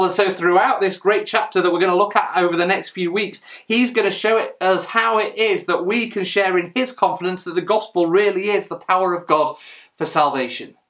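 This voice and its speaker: A man's voice: high-pitched, a bit bright. A man preaching a sermon in church, earnest and emphatic, asking rhetorical questions as he reads and explains scripture.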